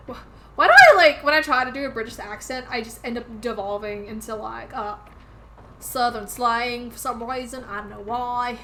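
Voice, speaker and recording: A woman's voice: a little high, moderate pace, noisy background. A woman streaming a video game and musing aloud in a rambling, casual way. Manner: rambling, musing, laughs at herself. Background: game music.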